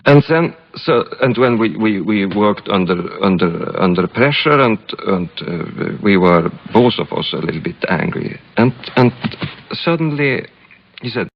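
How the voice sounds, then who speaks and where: Halting Swedish-accented man, low voice. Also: lively intonation, creaky. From Sweden. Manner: halting, searching for English words. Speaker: film director guest. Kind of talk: reflective interview storytelling. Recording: dull lo-fi archival recording.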